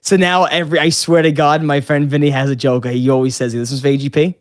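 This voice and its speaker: A man's voice: fairly high pitch, steady tone, a little fast, no room sound, clean studio sound. A young man co-hosting a podcast, rambling casually with lots of swearing. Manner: rambling and profane, slips into loud put-on voices. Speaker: podcast co-host. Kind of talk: casual chat.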